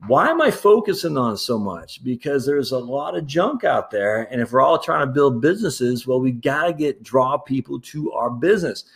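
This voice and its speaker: A man's voice: mid-range voice, sing-song, normal speed, gravelly, few pauses. A man hosting his own podcast, talking casually and candidly with lots of fillers and restarts, chuckling now and then and calling his listeners his friends. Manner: laughs easily while talking. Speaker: podcast host. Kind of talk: casual solo commentary.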